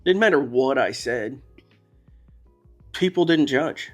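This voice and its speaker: Guy opening up on a podcast, candid and emotional, rambles a bit, soft music behind. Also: medium pitch, lively intonation, slow. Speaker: podcast guest. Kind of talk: casual storytelling.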